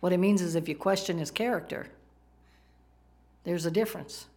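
A woman's voice: on the low side, normal speed, a little mellow. A woman preaching a sermon, talking conversationally and asking the congregation questions. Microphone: microphone, PowerPoint slides in a church.

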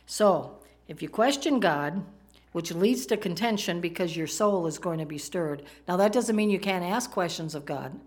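A woman's voice: fairly low pitch, lively intonation, normal speed. A woman preaching a sermon, talking conversationally and asking the congregation questions. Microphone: microphone, PowerPoint slides in a church.

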